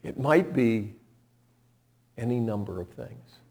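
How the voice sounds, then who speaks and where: Guy preaching slow, drawn out, gets loud then drops real quiet, folksy stories. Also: medium pitch, lively intonation. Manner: impassioned preaching with big swings from hushed to loud; folksy, storytelling. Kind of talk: sermon.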